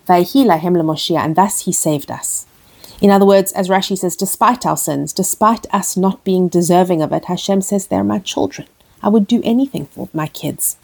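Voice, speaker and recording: In a darkish, mid-range voice, a woman gives an earnest Torah lesson, working through the verses one line at a time. Each Hebrew phrase she says is followed by its English translation.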